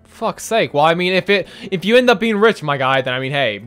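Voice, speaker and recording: A man's voice: sits high, expressive, fairly quick, a bit bright, soft background music. A man playing a visual novel, commenting in a crude, joking, giggly way, with lots of swearing. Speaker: gaming YouTuber reacting to a visual novel. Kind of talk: casual let's-play commentary.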